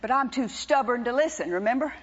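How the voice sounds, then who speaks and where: An older woman, a preacher's wife, telling a personal testimony to a congregation in an animated, teasing, wry way. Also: fairly high pitch, a little fast, long reverb tail, highs cut off.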